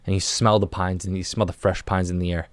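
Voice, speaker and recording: A young man with a low voice leads a joking guided meditation, soft and drawn-out, stumbling and restarting as he builds the scene. The sound is close and dry, with no room behind him. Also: little pitch movement, dry recording. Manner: soft, drawn-out, playful imagery with frequent restarts. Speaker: podcast guest. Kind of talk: comic mock guided meditation.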